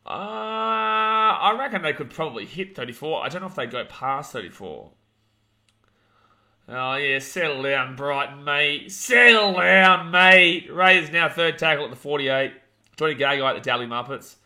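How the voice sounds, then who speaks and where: A young Australian man hosting a live watch-along of a rugby league match, calling the play, reading chat and ranting, shouting at big moments. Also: a little high, normal speed, creaky. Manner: excitable, rants, shouts at big plays.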